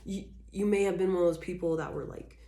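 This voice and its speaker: A woman with a deep, low voice gives a rambling, frank tarot reading, packed with fillers and interrupted by frequent coughing. The sound is echoey, as if she is in a bare room. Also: steady tone, fast, mellow. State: coughing repeatedly. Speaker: tarot reader. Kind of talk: casual channeled tarot reading.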